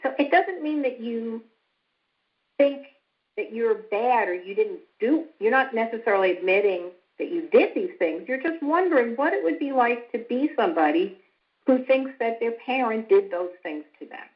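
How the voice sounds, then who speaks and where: Calm woman teaching, slightly muffled. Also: moderate pace. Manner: calm and instructive, acts out quoted lines with rising pitch. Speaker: psychologist lecturing on family estrangement. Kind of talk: explanatory talk with acted-out example dialogue. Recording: slightly dull lo-fi sound.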